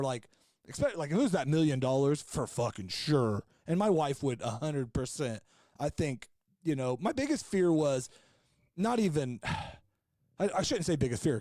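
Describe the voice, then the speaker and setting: A man's voice: on the high side, dark tone, no room sound, studio quality. A man on a podcast telling a long, rambling, jokey story in casual chat, with many fillers and restarts. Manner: jokey and frank. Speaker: podcast co-host.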